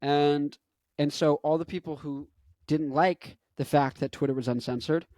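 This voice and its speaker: A man's voice: on the high side, fairly even intonation, normal speed, darkish tone, no echo. Rambling young man vlogging. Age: 20s. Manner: rambling, self-interrupting, joking asides. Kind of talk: casual commentary monologue.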